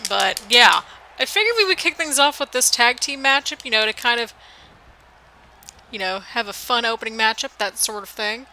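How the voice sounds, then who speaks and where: A woman's voice: on the high side, expressive, normal speed, sharp tone, a little hiss or hum, poor audio. An American woman with a mixed northern, midwestern and southern accent, giving chatty, rambling play-by-play commentary over a video game. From United States. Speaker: gaming channel host.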